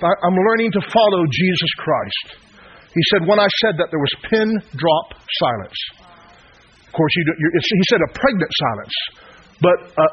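Man preaching, brisk and high-pitched, conversational storyteller on a muffled recording. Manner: retelling a story with quoted speech, conversational. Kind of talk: sermon storytelling. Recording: dull lo-fi sound with faint noise.

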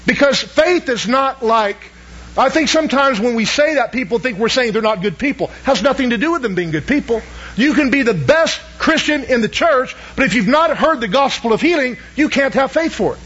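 High-voiced emphatic man preaching. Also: animated, fairly quick, fairly bright tone, breathy edge, lo-fi sound. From Southern United States. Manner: emphatic, asks the congregation questions. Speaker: pastor. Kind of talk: sermon.

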